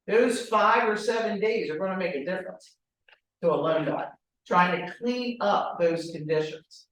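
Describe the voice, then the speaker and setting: A woman running a training class talks in a direct, animated way and keeps asking rhetorical questions. She stands some way from the microphone. Her voice rings through a very echoey room. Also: lowish voice, moderate pace, far from the mic. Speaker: real estate trainer.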